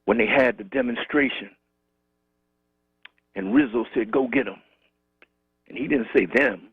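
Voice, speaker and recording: Raspy man telling stories over a phone line. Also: mid-range voice, very animated, normal speed, no echo. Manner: rhythmic storytelling with repetition. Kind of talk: call-in tribute remembrance.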